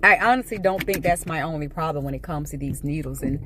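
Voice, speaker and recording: A woman chats casually to her camera in a rambling, anxious flow. Her voice sits a little low, and she gets animated as she talks, sometimes with food in her mouth. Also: quick pace, background noise. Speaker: vlogger. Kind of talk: casual chat.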